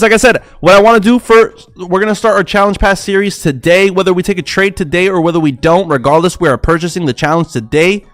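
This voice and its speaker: A young man, rambling and swearing as he chats with his livestream viewers about trading. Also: sits high. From South Florida. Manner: rambling, profane, excitable, talks to chat. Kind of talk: casual livestream chat.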